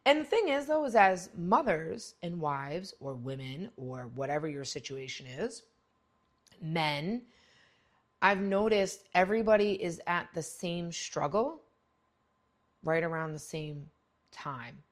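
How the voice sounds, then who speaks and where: A middle-aged woman hosting a podcast, talking bluntly in a rambling, profane monologue that jumps to loud, high exclamations. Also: lively intonation, slow. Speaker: podcast host. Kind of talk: casual monologue.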